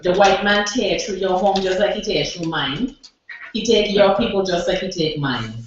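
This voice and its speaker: A woman with a Virgin Islands accent performing her own spoken word poem, addressing the listener forcefully at a cafe open mic. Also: medium pitch, normal speed. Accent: Virgin Islands Creole English. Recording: echoey room, distant lo-fi mic, noise.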